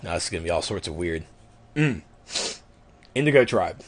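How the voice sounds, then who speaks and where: A man's voice: low-pitched, animated, normal speed, a little hiss or hum. A man hosting a podcast in casual chat, playful and laughing often. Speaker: podcast host.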